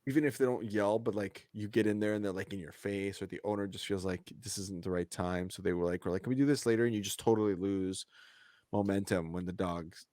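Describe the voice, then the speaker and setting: Male podcast host, relaxed and loose with fillers, lowish voice, dry sound. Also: a little fast, no echo. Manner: relaxed, filler-heavy, swears casually. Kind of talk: casual chat.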